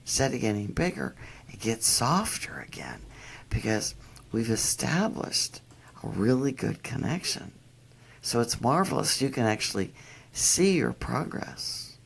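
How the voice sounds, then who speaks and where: A middle-aged woman dog trainer, enthusiastic and animated, explaining how to read pets in a casual interview. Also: extremely low pitch, unhurried, vocal fry, husky.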